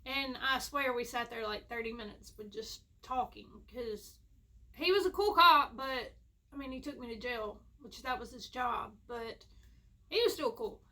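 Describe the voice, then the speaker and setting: Self-mocking and chatty, a young woman shares a rambling personal story as a casual storytime, vlogger-style from her home. She speaks in a high, lifted voice that's bright with a little edge, keeping a steady tone and moderate pace.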